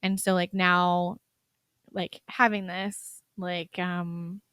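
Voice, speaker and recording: A woman's voice: on the low side, little pitch movement, slow, fairly bright tone, smooth, no room sound. A woman hosting a podcast in casual chat, talking freely and filling her sentences with "like". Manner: chatty, heavy use of "like" fillers. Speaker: podcast host.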